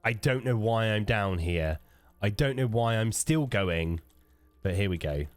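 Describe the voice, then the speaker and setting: A man hosts a let's play, muttering to himself in casual gameplay commentary full of swearing and jokes. His voice is fairly low, expressive and unhurried.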